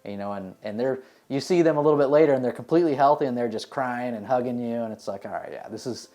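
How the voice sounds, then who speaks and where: A man from the United States, a dentist, answering interview questions in a relaxed, rambling way with many fillers. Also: medium pitch, fast talker. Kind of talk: casual interview answers, storytelling.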